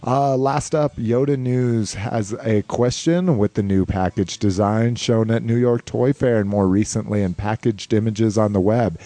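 A man's voice: on the low side, steady tone, unhurried, hardly any pauses, warm tone, no room sound. A man hosting a casual podcast, reading listener questions aloud and chuckling often in an easygoing way. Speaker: podcast host.

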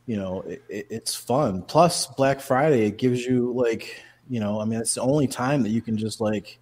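A man's voice: mid-range voice, normal speed, darkish tone, breathy edge. Rambling man chatting on a podcast. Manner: rambling, full of fillers and restarts. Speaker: podcast co-host. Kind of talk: casual chat.

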